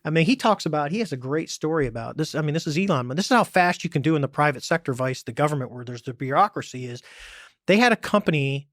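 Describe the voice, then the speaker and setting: A man's voice: fairly high pitch, quick pace, no room sound. A man, a former navy pilot as podcast guest, talking casually and bluntly, acting out quoted dialogue as he tells stories. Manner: animated storytelling, acts out quoted dialogue. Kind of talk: casual conversation.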